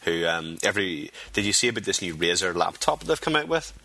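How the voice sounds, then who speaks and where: Low, quick-talking husky man. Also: big pitch swings, sharp tone, no room sound. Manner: fast, rambling, chatty. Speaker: podcast co-host. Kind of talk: casual chat.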